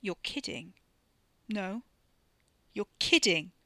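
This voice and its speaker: An anxious young man speaks in a tense, uneasy way, shaken by what he is facing, voiced by a woman reading aloud. The sound is bright and dry, right up against the mic. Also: medium pitch, animated, takes it slowly, dry recording.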